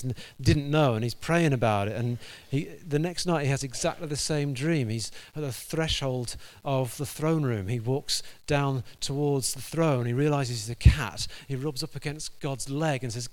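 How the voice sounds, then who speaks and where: A male preacher tells a sermon story in an animated way. He acts out each character's lines as he goes. His voice sits at a middle pitch. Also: normal speed, few pauses.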